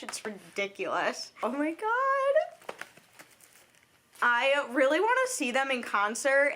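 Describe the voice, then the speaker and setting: A woman's voice: fairly high pitch, sharp tone. A woman vlogging casually at home while opening presents, gushing and chatty with lots of "like" and "oh my God". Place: at home on Christmas morning. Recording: clear background noise and crinkling wrapping paper.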